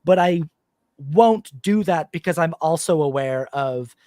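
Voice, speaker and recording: A man's voice: on the high side, expressive, a little slow, mellow, no echo, clean studio sound. A man hosting a podcast, talking casually and animatedly, slipping into mock voices to quote people, with many fillers. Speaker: podcast host. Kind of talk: casual conversation.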